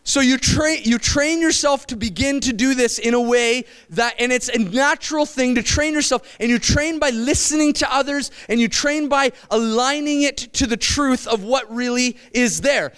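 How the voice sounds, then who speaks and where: A man preaching a sermon to his church, animated and conversational, slipping into quick quoted voices. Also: very high voice, clear, resonant tone.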